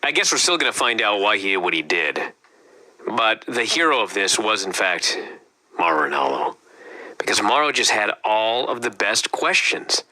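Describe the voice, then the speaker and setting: A man's voice: fairly low pitch, sing-song, normal speed, bright, forceful tone. A man co-hosting a wrestling review show, talking in a casual, profane, ranting way. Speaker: podcast co-host.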